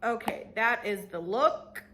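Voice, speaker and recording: Bright-voiced woman in her twenties, slangy storytime. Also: on the high side, takes it slowly, a little hiss or hum. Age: 20s. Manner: animated, slangy, swears freely, many fillers; mimics the people in her story. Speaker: vlogger. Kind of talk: get-ready-with-me storytime chat.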